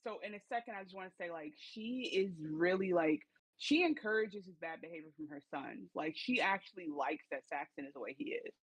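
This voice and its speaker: A woman's voice: on the low side, animated, brisk, slightly rough, poor audio. A woman co-hosting a podcast, giving blunt opinions in slangy casual chat with lots of fillers. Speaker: podcast co-host.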